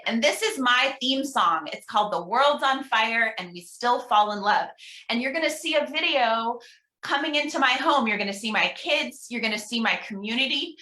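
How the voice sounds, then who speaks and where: A woman guest minister giving an upbeat all-ages talk in a recorded church service, leading call-and-response affirmations with slow, deliberate pauses. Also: on the high side, bright, forceful tone. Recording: roomy echo.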